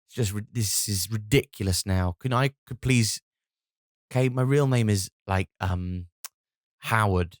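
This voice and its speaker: Casting: comedian doing a sheepish DJ in his forties, whiny and begging, a bit higher than his own voice. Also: measured pace, no echo, clean studio sound, natural voice. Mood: pleading. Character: embarrassed 47-year-old male DJ, pleading.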